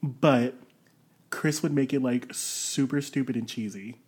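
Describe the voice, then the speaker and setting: Casting: woman, low and unhurried, blunt giggly friend. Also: darkish tone, slightly rough. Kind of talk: casual chat.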